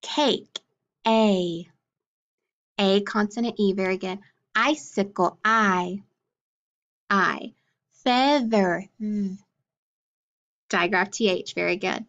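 Slow, clear woman teaching phonics. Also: medium pitch, a bit bright, highs cut off. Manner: slow, clear, encouraging teacher voice, sounding out letters. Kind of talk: phonics lesson for young children.

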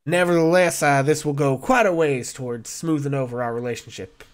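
Wry, rambling barroom regular, voiced by a man in a tabletop game, slightly high. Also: a little fast, close to an everyday voice.

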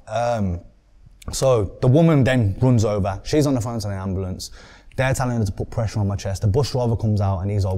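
Young man, Birmingham accent, rapid talk, dark warm tone, podcast guest storytelling. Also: fairly low pitch. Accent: Birmingham English. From England. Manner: animated, swears often, acts out quotes.

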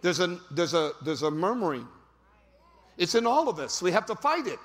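A male pastor preaching a sermon, repeating phrases and breaking into sudden shouts for emphasis. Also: high voice, big pitch swings, moderate pace. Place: large church sanctuary. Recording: long hall reverb.

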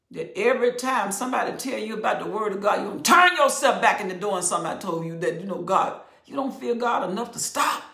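Older woman Bible teacher, gravelly and bright-edged, preaching in an echoey room. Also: mid-range voice. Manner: expressive, conversational preaching, drops to near whispers. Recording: roomy echo.

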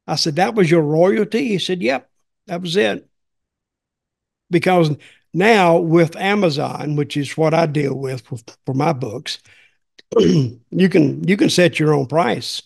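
Chatting casually on his podcast, an older host spins folksy, meandering stories and often repeats himself. He speaks at a measured pace in a slightly high, creaky voice.

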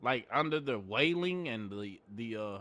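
Brief: young male gaming streamer, laid-back and chatty, bright voice, faint background hiss. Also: mid-range voice, animated, a little slow. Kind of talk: casual gameplay commentary.

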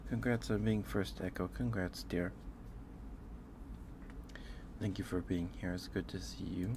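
A man chatting casually on an ASMR livestream, a little out of breath from a full stomach, halting and repeating himself as he fondly greets his viewers. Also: deep voice, steady tone, background noise. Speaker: ASMR streamer.

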